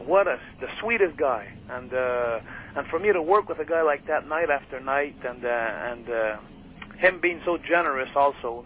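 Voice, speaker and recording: A man guest telling wrestling stories in a loose, rambling way, full of fillers and laughter. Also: medium pitch. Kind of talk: casual storytelling interview. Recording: muffled radio broadcast with faint hiss.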